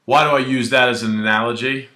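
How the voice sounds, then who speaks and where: A man who is a criminal defense attorney, explaining the law straight to camera in a brash, animated way and acting out little scenes. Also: medium pitch, quick pace, reverberant. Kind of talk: direct-to-camera legal explainer.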